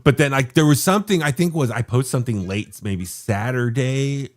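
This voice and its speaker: A man's voice: mid-range voice, moderate pace. A man co-hosting a radio show in casual chat, rambling with many fillers and false starts. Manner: rambling, hesitant, full of fillers.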